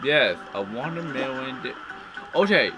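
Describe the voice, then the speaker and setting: A man playing a video game and commenting on it, yelling and exclaiming at what happens on screen. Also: medium pitch, animated, a little slow, loud music behind the voice, low-quality recording. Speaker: let's play gamer. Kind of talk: excited gameplay commentary.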